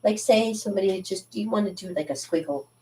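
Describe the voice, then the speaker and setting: A woman's voice: medium pitch, a little fast, mellow, distant mic, rough recording. A Canadian woman hosting a cartooning channel, chatting to viewers in a rambling, sidetracked way and laughing often. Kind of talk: casual chat to viewers.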